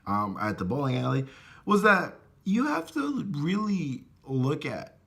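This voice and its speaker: Animated husky man telling a story. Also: on the high side, unhurried. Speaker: vlogger. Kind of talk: casual storytelling vlog.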